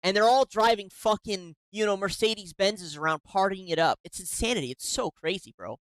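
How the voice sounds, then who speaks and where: A woman's voice: mid-range voice, moderate pace, no room sound, poor audio. A woman giving casual reaction commentary on a clip, exasperated and swearing often. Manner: exasperated, swears a lot, says "bro".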